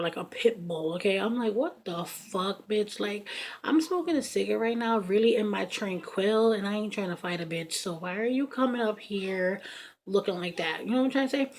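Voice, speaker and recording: A woman in her thirties recounts a personal story, unfiltered and full of swearing. She talks in a loose, rambling storytime way, with plenty of "like" and fillers along the way. Her voice sits at an ordinary middle pitch, with a faint hiss underneath. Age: 30s. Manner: blunt, profane, animated retelling full of fillers. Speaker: vlogger telling a personal story. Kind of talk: casual storytime.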